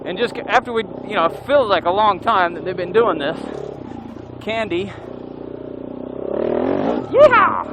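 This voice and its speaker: Riding an off-road motorcycle trail, a man vlogs a long story, animated and whooping and yelling now and then. The motovlogger's voice is high-pitched at normal speed, with heavy background noise.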